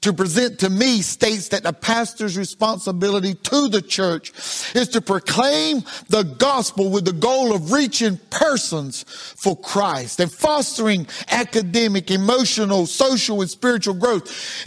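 A man as pastor with a high voice, sing-song sermon delivery that sinks soft at phrase ends. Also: lively intonation, measured pace. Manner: repeats words as he builds a point.

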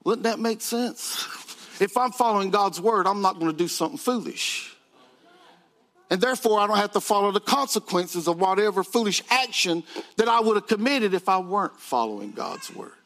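Guy preaching a sunday sermon, pretty high voice, repeats stuff to drive it home. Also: expressive, a little fast, fairly bright tone. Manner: preaching with rising emphasis and repetition.

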